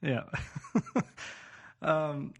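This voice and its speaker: A young man co-hosting a casual comedy podcast, goofy and halting, laughing often. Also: a little high, expressive, creaky. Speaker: podcast co-host. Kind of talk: casual comedic chat with put-on bits.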